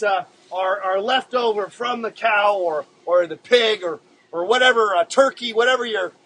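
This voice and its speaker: A man with a high-pitched voice hosts a casual live-streamed drawing show. He rambles in a laid-back way, addressing viewers as guys and pausing often on filler words. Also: fairly bright tone, slight background noise, low-quality recording.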